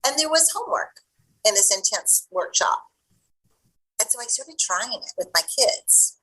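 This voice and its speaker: A middle-aged woman, a guest coach, telling a personal story in an interview in an animated way, acting out the voices of the people in it. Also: on the high side, unhurried, breathy edge, low-quality recording. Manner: animated, acts out the voices of people in her stories.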